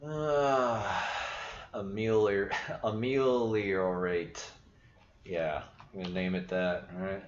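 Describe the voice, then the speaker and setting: A man's voice: lowish voice, fairly even intonation, slow. A man hosting a casual livestream, thinking aloud in a rambling, self-interrupting way and swearing casually. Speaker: livestream host. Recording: echoey, dull lo-fi stream audio.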